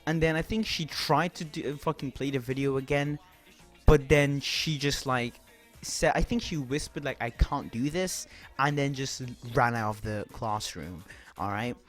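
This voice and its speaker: A young man telling a rambling, animated story to camera, swearing often. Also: medium pitch, normal speed, faint music behind. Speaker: vlogger.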